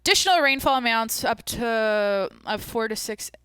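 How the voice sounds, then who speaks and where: A young woman hosting her own podcast, chatting casually in a rambling, jokey way with lots of fillers and a deadpan streak. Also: on the high side, normal speed, clear, resonant tone, no echo. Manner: self-described deadpan. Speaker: podcast host. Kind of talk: casual solo podcast chat.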